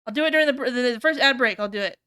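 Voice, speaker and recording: A young adult woman from the United States, chatting on stream in a casual, animated way, swearing freely and jumping high when she quotes people. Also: racing, smooth. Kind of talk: casual chat while working on stream.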